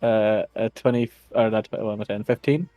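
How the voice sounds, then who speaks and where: A man's voice: lowish voice, steady tone, brisk, warm tone, no echo, soft background music. A man playing in a tabletop game, rambling with frequent laughs and restarts. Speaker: player. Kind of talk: casual tabletop game chat.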